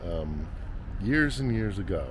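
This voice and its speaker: A man's voice: low-pitched, very animated, takes it slowly. A middle-aged man narrating a walking vlog through city streets and a market, reflective and conversational, thinking aloud. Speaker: vlogger and reporter. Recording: noisy outdoor street ambience. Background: city traffic and street noise.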